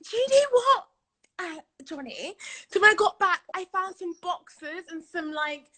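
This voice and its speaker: A young woman with a British accent, high and bright in pitch, talking over a video call from her home. She is bubbly and giggly, gushing as she chats with the host. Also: expressive, normal speed. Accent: British English. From England. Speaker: guest, reality show contestant. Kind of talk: casual video-call chat.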